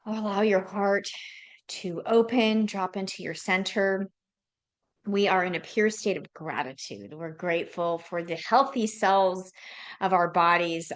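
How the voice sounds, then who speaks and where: A woman with a lowish voice leads an affirmative prayer in a slow, soothing, measured way. She speaks as a minister at a church service, calmly guiding the congregation.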